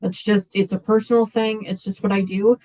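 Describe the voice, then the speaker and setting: A woman's voice: medium pitch, flat delivery, a little fast, dark tone, poor audio. A woman in a casual livestream chat, speaking earnestly and encouragingly, often restarting her sentences. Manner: earnest, encouraging, repeats words when starting.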